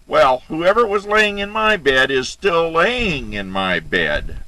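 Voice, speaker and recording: A man voicing a small, weepy and angry baby boy bear in a storybook reading, pitched high and squeaky with a wailing complaint. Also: very animated, slow pace, bright, forceful tone, dry recording, exaggerated voice, low-quality recording. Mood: upset whining.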